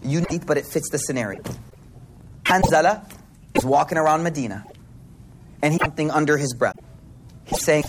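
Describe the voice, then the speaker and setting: A man giving an informal religious talk, slangy and animated, swinging between hushed and loud. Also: on the high side, fairly quick, long pauses. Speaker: religious speaker. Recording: noisy recording with clicks.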